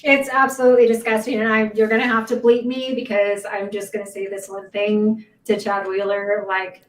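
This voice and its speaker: A woman's voice: medium pitch, little pitch movement, moderate pace, far from the mic. A female co-host of a live news show giving blunt, angry, profane commentary. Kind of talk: live online news talk. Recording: roomy, off-mic sound.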